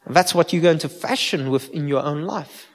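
Pastor preaching in a reverberant hall. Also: male voice, on the high side, normal speed. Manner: informal, addresses listeners with direct questions, frequent restarts. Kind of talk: conversational sermon.

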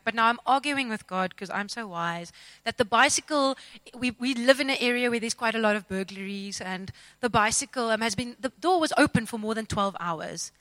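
A woman telling a personal faith testimony in an expressive, self-mocking, dramatic storytelling way. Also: a little high, a little fast, no echo. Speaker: speaker sharing a testimony.

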